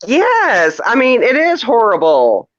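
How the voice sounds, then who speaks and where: A man's voice: extremely high pitch, wildly swooping pitch, slow pace, a bit bright, no echo. A man calling in to a casual chat show, rambling and flustered, stammering over restarts and swearing often. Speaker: caller. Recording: dull lo-fi call audio.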